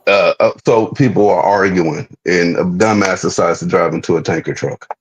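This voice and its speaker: A man's voice: deep voice, moderate pace, a little hiss or hum, rough recording. A man speaking bluntly and emphatically in casual slangy chat.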